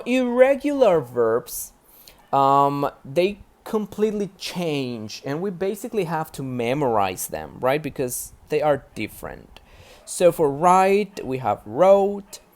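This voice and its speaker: A man's voice: medium pitch, a little mellow. A man teaching a grammar lesson step by step, often checking in with "right?". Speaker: English teacher.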